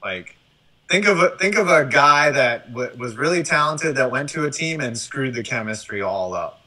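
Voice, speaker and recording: Bright, animated male sports-show host. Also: medium pitch, normal speed, low-quality recording. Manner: animated, profane, keeps asking "right?". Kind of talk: casual sports chat.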